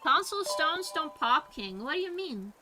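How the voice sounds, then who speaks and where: A young woman streamer chatting casually and reading her live chat aloud, animated and giggly. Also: high-pitched, a little slow. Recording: music playing behind.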